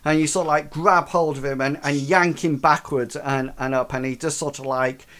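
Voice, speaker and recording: A man's voice: on the high side, fairly even intonation, normal speed, a bit bright. A man narrating as game master, with loose rambling phrasing and many fillers.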